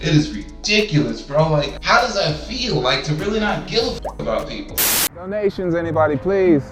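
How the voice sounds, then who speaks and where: A man's voice: a little high, lively intonation, a little fast, a bit bright. Young male vlogger, profane exasperated rant, distant echoey recording with faint music. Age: young adult. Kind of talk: casual ranting vlog.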